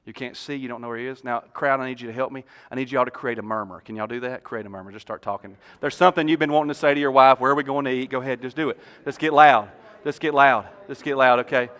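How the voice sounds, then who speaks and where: A man preaching a sermon as pastor. He tells the story in an animated way and jokes with the congregation on a church stage. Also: mid-range voice, fast talker, few pauses.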